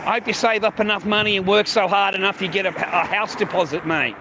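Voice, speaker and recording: A man's voice: sits high, fairly even intonation, quick pace, background noise. A man live streaming, ranting at his chat in a profane, sarcastic, confrontational way, outdoors on a city street.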